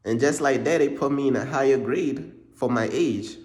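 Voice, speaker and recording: A man's voice: medium pitch, normal speed, a little mellow. A young man from Uganda telling a casual storytime in a slangy, repetitive way, dropping in "bro" all the time. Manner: slangy, repeats points, drops in "bro" often. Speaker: vlogger. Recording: roomy echo.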